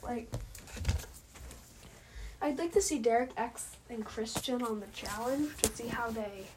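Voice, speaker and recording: Excitable fan vlogger, woman, high voice, rambling self-corrections, noisy home recording. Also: measured pace. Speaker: fan recapping a reality show. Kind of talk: excited casual vlog recap.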